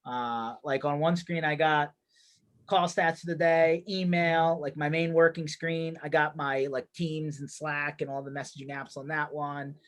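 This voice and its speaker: A man's voice: a little high, fairly even intonation, unhurried, fairly bright tone. A man hosting a live show, bantering in an upbeat, casual way over a video call. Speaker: host. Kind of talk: casual chat.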